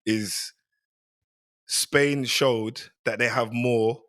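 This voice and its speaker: A man's voice: medium pitch, fairly even intonation, very slow, a bit bright, no echo. A man on a football podcast panel, joking and bantering in a casual chat.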